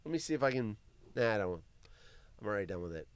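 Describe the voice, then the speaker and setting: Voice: medium pitch, expressive, fast talker, clean tone, no room sound. A live stream host doing solo commentary, ranting with profanity, mocking asides and laughter while reading the news aloud.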